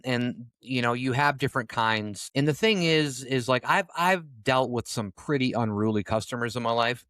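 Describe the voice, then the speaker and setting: Rambling, animated man telling stories. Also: lowish voice, dry recording, clean studio sound. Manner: rambling, animated storytelling with frequent fillers and swearing. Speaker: podcast co-host. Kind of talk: casual storytelling chat.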